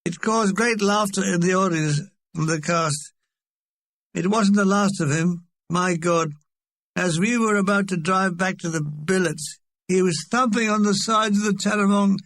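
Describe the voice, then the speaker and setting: A man's voice: sits high, measured pace, a bit bright, no room sound. A man reading a comic memoir aloud with a wry, dry delivery. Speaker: audiobook reader.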